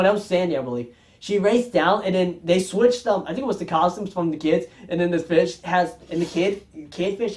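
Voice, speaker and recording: A man's voice: high-pitched, darkish tone. Rambling man, casual vlog talk. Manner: rambling, self-correcting, chuckles often. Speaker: music video vlogger.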